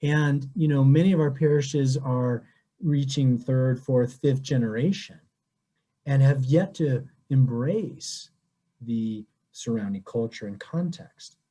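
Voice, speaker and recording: A priest answering questions in a webinar, speaking conversationally with anecdotes over a video call. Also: male voice, medium pitch, slow, mellow. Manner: conversational, with frequent restarts and anecdotes.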